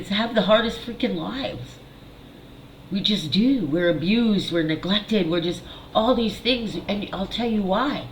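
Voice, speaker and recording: A middle-aged woman, a psychic healer, talking candidly and haltingly to camera in a personal video, repeating words and swearing. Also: mid-range voice, echoey room, slight background noise, poor audio. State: tearful at times. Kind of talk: emotional personal video monologue.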